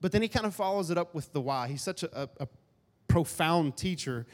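Joking pastor preaching in a reverberant hall. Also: male voice, on the high side, expressive, fairly quick. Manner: joking, conversational, acts out grumbling asides. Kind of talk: casual sermon.

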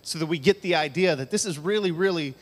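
A man's voice: a little high, fast talker. A man preaching a casual, conversational sermon to a congregation on a handheld mic, with joking asides. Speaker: pastor. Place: church hall with audience. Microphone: handheld microphone. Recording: long hall reverb.

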